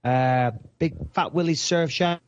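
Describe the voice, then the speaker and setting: A playful English man hosting a chatty podcast, his voice sitting a little high. He rambles and teases his co-host, recorded close and dry. The sound is slightly dull, like podcast audio. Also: measured pace, no echo. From England. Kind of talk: casual podcast chat.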